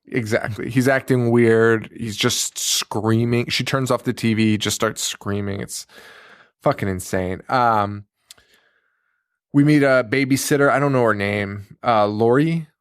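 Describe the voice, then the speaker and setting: A man's voice: mid-range voice, measured pace, clean tone, no echo. Male podcast co-host, casual profane film recap, acts out quotes, dry close mic. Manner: profane, animated retelling with acted-out quotes. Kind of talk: casual movie recap chat.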